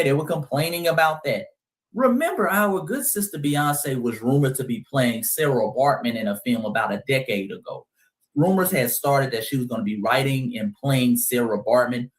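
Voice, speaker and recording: A man hosting a heated commentary monologue, speaking emphatically and calling his listeners family. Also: medium pitch. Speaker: host.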